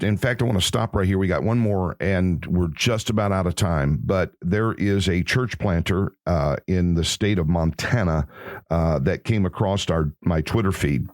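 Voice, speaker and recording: Male podcast host, lower voice, slow and earnest, preacher cadence, dry close sound. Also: no echo. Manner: earnest, preacherly, with drawn-out words. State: emotional. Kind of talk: inspirational Christian podcast talk.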